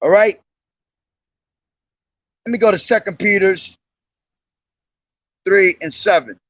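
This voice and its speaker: High-pitched street preacher guy, swinging from shouted verses to cussing rants, dry dull sound. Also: takes it slowly, dry recording, far from the mic. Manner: profane, agitated ranting between loud declaimed verses. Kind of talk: street preaching with scripture reading. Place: outdoors on a street.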